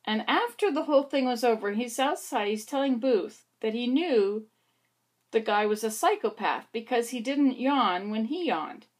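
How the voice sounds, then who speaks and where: Chatty, rambling woman with a high voice. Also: animated, normal speed. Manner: rambling, chatty, self-soothing asides. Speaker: vlogger. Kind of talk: casual chat to camera. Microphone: camera facing her like a mirror.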